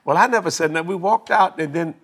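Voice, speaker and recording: An older man casually telling a long story, animated and laughing as he acts out both sides of a conversation. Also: a little high, fast. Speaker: guest telling a marriage story.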